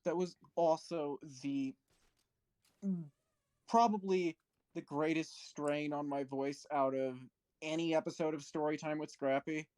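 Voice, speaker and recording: A man with a fairly high voice, chatting casually over a voice call from home. He talks quickly and pokes fun at himself. The sound is close and dry. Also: steady tone, a little mellow, smooth, no room sound. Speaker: voice actor for the story reading. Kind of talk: casual chat.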